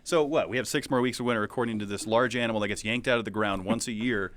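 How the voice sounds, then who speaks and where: A man's voice: fairly low pitch, quick pace, a bit bright. A man co-hosting a casual podcast chat, making his points emphatically and opinionatedly. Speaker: podcast co-host.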